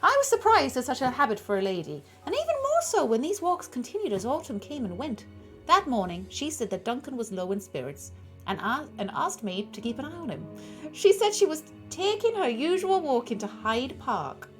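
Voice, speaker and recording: A woman reading the lines of a sturdy male tutor in his thirties, giving measured, formal testimony with a loose, uncertain try at an Irish-tinged accent. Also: high-pitched, big pitch swings, soft background music, pitched above the performer's own voice. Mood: earnest, formal. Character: powerfully built male tutor in his thirties, calm witness.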